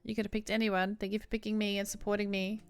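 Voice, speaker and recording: Woman, Australian accent, game streamer, smooth clear voice, chatty, faint background music. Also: medium pitch, level tone, quick pace. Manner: chatty, thanks viewers, reads lines with feeling. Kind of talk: live game playthrough, reading dialogue aloud.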